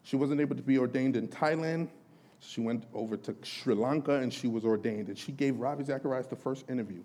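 A man preaching a sermon as lay pastor, animated and conversational, acting out questions to the apostle. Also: mid-range voice, brisk.

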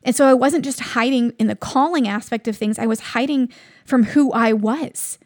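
A woman's voice: on the high side, moderate pace, no room sound, studio quality. A woman in her thirties hosting a devotional podcast, telling a personal story in an earnest, reflective way. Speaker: podcast host.

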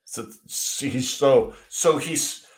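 A man's voice: mid-range voice, slow. Man, political talk co-host, heated rant, swearing, restarts, echoey room. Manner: ranting, swearing, frequent restarts. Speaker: podcast co-host. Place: indoors, seated at a desk. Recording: roomy echoey sound.

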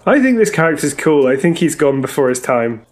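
A man chatting casually while watching a film, skeptical and quick to argue, with a dry manner. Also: on the high side, sing-song. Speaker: film watch-along co-host. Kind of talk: casual reaction chat over a film. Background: faint film soundtrack music.

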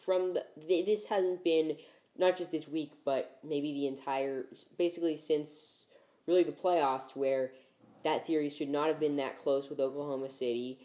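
A man's voice: on the high side, steady tone, moderate pace, warm tone. A man hosts a casual sports podcast. He talks in an easy, conversational way and drops dry, wry jokes. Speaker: podcast host.

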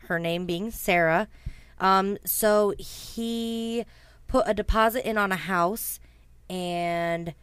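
A woman's voice: medium pitch, a bit bright, clean tone, no echo. A woman casually telling a true-crime story to a co-host, chatty and blunt, swearing freely, with frequent ums and asides. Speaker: podcast host.

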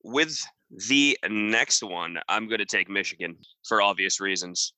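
A man with a very bright, sharp-edged voice gives blunt, dismissive takes on a casual podcast. His sound is dry and close, with no room around it. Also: on the low side, lively intonation, measured pace, dry recording, rough recording. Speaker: podcast panelist.

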